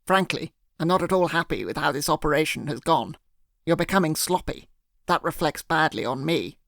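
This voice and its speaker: A man's voice: fairly high pitch, lively intonation, normal speed, gravelly, a bit bright, no room sound, clean studio sound. A man voicing a testy male boss on the phone, curt and clipped. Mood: annoyed.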